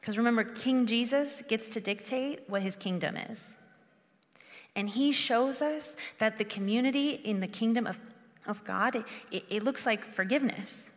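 Woman preacher, earnest and conversational, fairly high voice, reverberant hall. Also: normal speed. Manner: earnest, conversational, with frequent restarts. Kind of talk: sermon.

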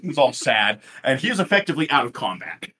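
Male GM, playful, animated, lively, a touch husky. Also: mid-range voice, fast talker. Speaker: guest game master. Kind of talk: running a tabletop game.

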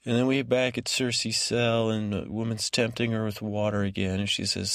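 A man's voice: fairly low pitch, flat delivery, fairly quick, vocal fry, hardly any pauses, a bit bright, dry recording, studio quality. A man hosting a sleep podcast, giving a meandering recap of a TV episode with lots of fillers and restarts. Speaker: podcast host. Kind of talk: rambling bedtime recap.

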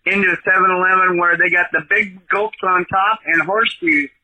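Man from Oregon, high-pitched voicemail caller, rambling and teasing. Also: fairly even intonation, a little fast, sharp tone, poor audio. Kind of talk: joking voicemail.

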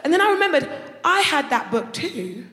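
A young woman performing a loud, brash stand-up comedy routine on a theatre stage, breaking into shouts as she tells her story. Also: sits high, very animated, moderate pace. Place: theatre stage before a live audience. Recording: echoey hall with loud audience laughter.

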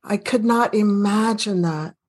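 A woman's voice: mid-range voice, a little slow, slightly rough. A middle-aged woman hosting a casual interview, chatty and laughing often. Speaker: podcast host, medical doctor.

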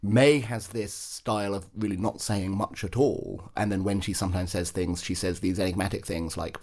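A man commenting on politics in a measured, analytical way during a panel discussion. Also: sits low, steady tone, a little mellow.

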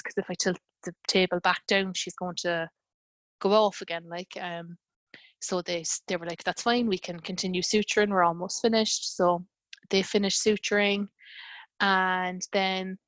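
A woman's voice: fairly low pitch, fairly bright tone, dry recording. A woman in her thirties telling a personal story in casual conversation, with lots of fillers and quoted dialogue.

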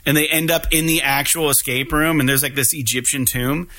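Podcast host, male: bright, forceful tone, dry close sound; easygoing, swears freely, laughs through his stories. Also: a little high, fairly even intonation, brisk, no echo. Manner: loose, profane, laughing storyteller. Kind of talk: casual podcast chat.

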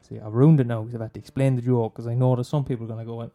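A man's voice: medium pitch, steady tone, fast, hardly any pauses, mellow. An Irish man hosting a podcast, rambling in a casual monologue, swearing, laughing and teasing his listeners. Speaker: podcast host recommending films.

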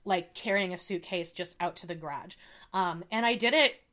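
Animated young woman telling a story. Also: on the low side, moderate pace. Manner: animated storytelling, acts out quoted dialogue. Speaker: podcast co-host. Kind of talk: casual chat.

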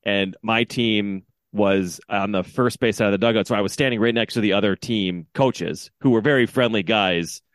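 A man in his thirties, a podcast co-host, telling an animated story in casual chat and acting out his shouting at a game. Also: fairly low pitch, moderate pace, few pauses, no echo, studio quality.

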